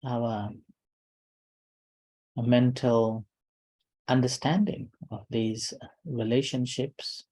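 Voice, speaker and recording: A man giving a calm dharma talk as a meditation teacher, in short, unhurried phrases with pauses between them. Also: mid-range voice, low-quality recording.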